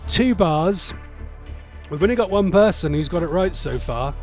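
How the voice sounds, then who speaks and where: A man's voice: high-pitched, lively intonation, moderate pace, soft background music. Chatty rambling male radio host. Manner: rambling, chatty, loose and jokey. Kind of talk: casual radio chat.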